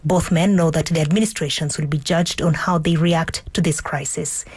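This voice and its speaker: A woman's voice: low voice, steady tone, moderate pace, a little mellow, slightly rough. A female radio presenter introducing stories live in a composed manner.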